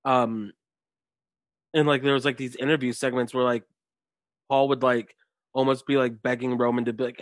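A man co-hosting a casual wrestling podcast, retelling storylines with fillers and quick imitations. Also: mid-range voice, dry recording. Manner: animated storyteller, mimics voices. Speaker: podcast co-host.

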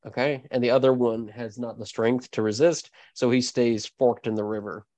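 A man's voice: medium pitch, steady tone, normal speed, warm tone, no echo. Casual man running a tabletop game. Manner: casual, rambling narration with fillers. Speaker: game master. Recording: dull dry lo-fi mic.

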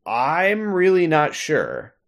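A man's voice: a little high, takes it slowly, gravelly. Guy recapping a game on a podcast, voice bounces all over, laughs a lot. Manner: animated, laughs often, acts out characters' lines. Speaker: podcast co-host. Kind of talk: casual chat recapping a video game.

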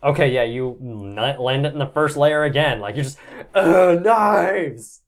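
A man's voice: mid-range voice, fairly quick. A man narrating as game master, casual and joking, swearing now and then and laughing along with the players.

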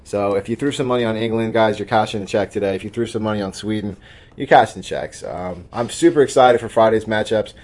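A man's voice: fairly low pitch, brisk, a little mellow. A man hosting a sports betting podcast in casual chat, brash and joking as he hypes his own picks. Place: studio office.

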